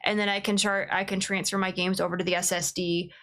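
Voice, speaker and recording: A young woman streaming a game, chatting in a rambling, excitable way and laughing often. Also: mid-range voice, fast talker. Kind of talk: casual livestream chat.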